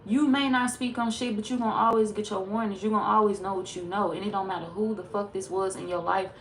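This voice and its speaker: A woman's voice: mid-range voice, steady tone, fast, slight background noise. Blunt, profane woman tarot reader. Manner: blunt, profane, sassy and emphatic. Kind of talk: casual tarot reading monologue.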